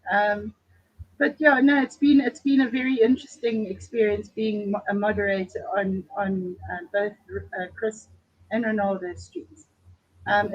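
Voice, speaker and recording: Husky woman guest on a muffled line. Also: a little high. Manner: chatty, laughing storyteller. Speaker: guest, chat moderator. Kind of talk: casual live stream chat.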